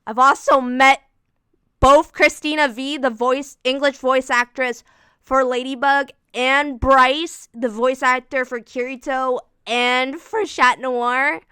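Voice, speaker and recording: A woman livestreaming in casual chat, answering viewers' questions and gushing like an excitable fangirl. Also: sits high, takes it slowly, smooth, dry recording.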